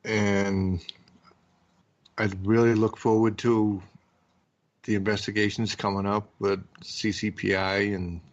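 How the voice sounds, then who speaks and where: A man hosting a paranormal radio talk show, easygoing and a little halting as he speaks. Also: lowish voice, level tone. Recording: lo-fi internet radio audio.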